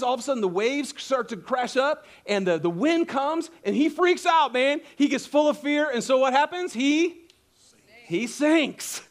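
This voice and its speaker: A man preaching a sermon, telling a story with lively acted-out quotes and casual asides. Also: extremely high pitch. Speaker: pastor.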